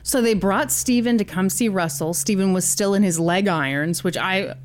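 A woman's voice: mid-range voice, normal speed, slight background noise. A woman hosting a podcast, telling a story in a casual, jokey way with casual swearing.

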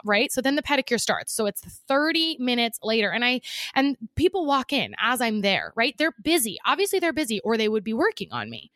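A woman's voice: no room sound, clean studio sound. A woman co-hosting a podcast in casual chat, telling stories with lots of energy and acting out the other people's lines. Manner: animated storytelling, acting out dialogue in higher voices. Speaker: podcast co-host.

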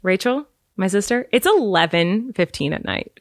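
A woman's voice: mid-range voice, big pitch swings, moderate pace, dry recording, clean studio sound. A woman co-hosting a podcast in casual, teasing, rambling chat. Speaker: podcast co-host.

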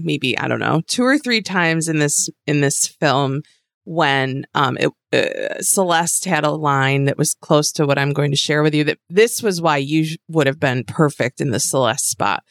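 A woman with a lowish voice trades wry, joking remarks while recapping a movie on a podcast. She laughs along easily. The recording is dry and close. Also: lively intonation, normal speed, a bit bright, no echo. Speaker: podcast co-host. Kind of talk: casual chat recapping a movie.

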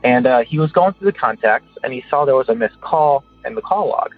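A man from Illinois rambles through a story over a tinny phone line with faint music underneath. His voice is husky and a little breathy. He keeps the telling loose and casual, padded with "uh" and "anyways". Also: medium pitch, lively intonation, brisk. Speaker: caller. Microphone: telephone.

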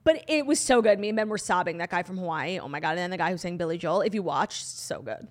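A woman's voice: lowish voice, fast. A young woman co-hosting a podcast, chatting casually and gushing, swearing freely and laughing often. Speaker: podcast co-host. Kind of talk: casual chat.

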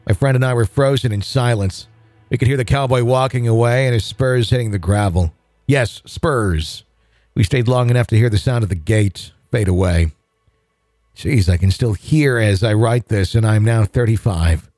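A man hosting a podcast, reading a listener's ghost story aloud in an even, conversational way. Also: mid-range voice, moderate pace, no echo, faint music behind.

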